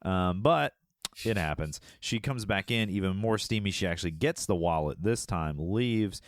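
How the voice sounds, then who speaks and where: A deep-voiced man co-hosts a casual podcast and walks through a film's plot in a jokey, easygoing way. His voice sits low, and it sounds dry and close to the mic. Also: expressive, normal speed, dry recording. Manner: jokey, acts out lines in playful voices. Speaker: podcast co-host. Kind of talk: casual movie recap chat.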